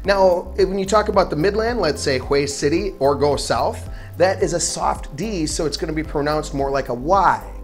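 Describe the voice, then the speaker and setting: A man giving a casual, chatty lesson, repeating words slowly for practice. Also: fairly high pitch, soft background music. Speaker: language teacher.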